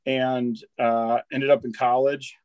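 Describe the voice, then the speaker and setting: A man's voice: medium pitch, flat delivery, takes it slowly, darkish tone, clean tone, no room sound. A man in his thirties, a military veteran from Wisconsin, telling a long story in casual conversation, rambling and swearing often with lots of restarts. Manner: rambling, swears freely, repeats and restarts words, says dude and bro.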